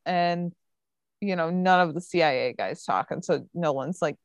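A woman's voice: lowish voice, moderate pace, no echo. Chatty woman recapping a TV episode. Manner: chatty, lots of fillers like "um" and "like". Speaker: podcast co-host recapping a TV episode. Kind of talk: casual recap chat.

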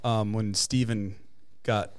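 A man's voice: lowish voice, steady tone, takes it slowly, smooth. A man in casual podcast chat who tells rambling stories, laughs often and swears freely.

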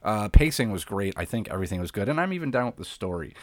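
A man's voice: lowish voice, big pitch swings, fast talker, no room sound. A man co-hosting a casual wrestling podcast, talking bluntly and swearing casually. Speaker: podcast co-host.

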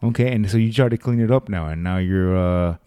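A man's voice: low-pitched, brisk, dark tone, smooth, no room sound. Curious young man, dry close sound. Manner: curious, laughing, prods with questions. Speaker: conversation partner. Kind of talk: casual chat.

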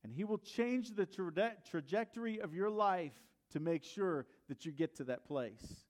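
Male pastor, fairly high voice, storytelling sermon, questions the congregation. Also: expressive, unhurried.

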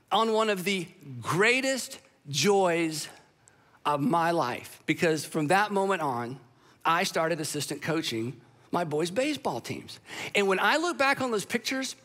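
A middle-aged man preaching a sermon, telling a personal story with humor and a lively delivery. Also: high voice, a little slow.

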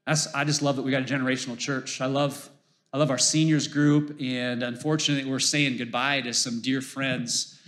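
A man's voice: medium pitch, level tone, normal speed, fairly bright tone. A middle-aged man preaching a sermon as pastor, conversational and emphatic, repeating phrases for emphasis.

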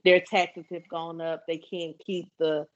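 A woman's voice: on the low side, level tone, measured pace, muffled recording. A woman, chatting casually on a podcast and rambling through critical commentary. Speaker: podcast co-host. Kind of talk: casual chat.

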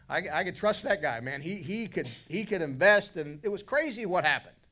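Bright-voiced joking pastor preaching. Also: male voice, high-pitched, animated, moderate pace. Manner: folksy, joking preacher who acts out silly voices. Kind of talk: sermon.

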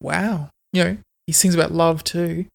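A woman's voice: fairly low pitch, steady tone, moderate pace, gravelly. An Australian woman co-hosting a podcast, chatting in a playful, rambling way. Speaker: podcast co-host. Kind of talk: casual chat.

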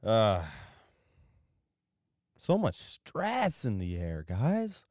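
A young man with a deep, mellow voice hosts a solo podcast. He is worn out and meanders from thought to thought, often losing track of what he was saying. His voice is recorded close and dry. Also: no echo. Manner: drowsy, meandering, loses his train of thought. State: tired. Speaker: podcast host. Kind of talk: rambling solo podcast chat.

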